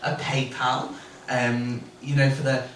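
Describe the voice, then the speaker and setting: A man's voice: medium pitch, flat delivery, takes it slowly, a bit bright. Rambling jokey male compere. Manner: rambling, jokey, full of ums. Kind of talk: comedy compering. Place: comedy club. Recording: echoey club from far off, noisy.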